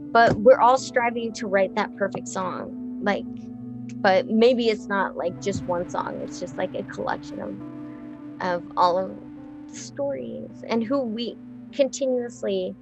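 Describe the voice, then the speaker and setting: A woman in her thirties, a musician being interviewed, talking in a rambling, excitable way, swearing freely and laughing often. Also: fairly high pitch. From Texas. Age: 30s. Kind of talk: casual chat.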